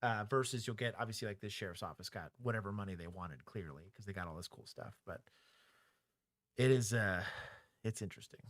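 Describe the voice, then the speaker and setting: A middle-aged former police officer with a Texan accent, co-hosting a casual livestream chat in a candid, joking way. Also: male voice, on the low side, a little fast, fairly bright tone, no echo, studio quality. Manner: candid, joking, talks things through aloud.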